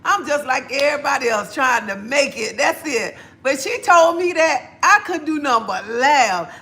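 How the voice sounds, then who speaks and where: A woman's voice: sits high, animated, normal speed, hardly any pauses, pushed and bright. A middle-aged woman, chatting bluntly on a livestream and laughing often. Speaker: livestream host. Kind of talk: casual livestream chat.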